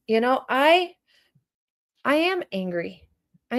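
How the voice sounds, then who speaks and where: A woman's voice: high-pitched, very animated, a little slow. A woman hosting a livestream, speaking in a fervent, preachy monologue and firing pointed questions at her viewers. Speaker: livestream host and community food organizer.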